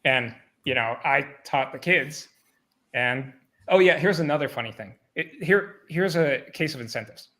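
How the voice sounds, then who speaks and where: A man's voice: on the high side, moderate pace. A man telling stories in a casual livestream chat, swearing often and acting out his past conversations. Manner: profane, animated retelling of exchanges.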